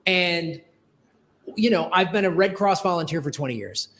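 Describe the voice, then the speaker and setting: A man's voice: sits high, moderate pace, a bit bright. A man who is a comedian hosting a casual live-stream chat, earnest and rambling, often cutting himself off mid-sentence. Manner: earnest, rambling, self-interrupting. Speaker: comedian and show host.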